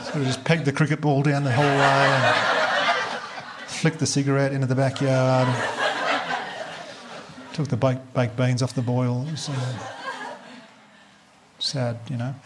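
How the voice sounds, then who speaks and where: An Australian man in his thirties doing a stand-up comedy set, telling a story quickly and acting out the dialogue. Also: medium pitch, level tone, very noisy. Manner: fast storytelling with acted-out dialogue. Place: live comedy venue before an audience.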